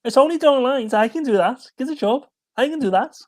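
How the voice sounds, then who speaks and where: A man's voice: expressive, quick pace, darkish tone. A man doing an impression of a desperate, jobless Liverpool man who begs for work, with a put-on Liverpool accent. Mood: pleading. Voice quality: higher, pleading, repetitive.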